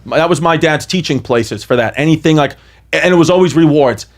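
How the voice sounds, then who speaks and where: A man's voice: on the high side, a little fast. A man in his thirties from the New York area, a comedian guest telling a story animatedly, laughing and swearing as he goes. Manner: laughs through lines, heavy swearing.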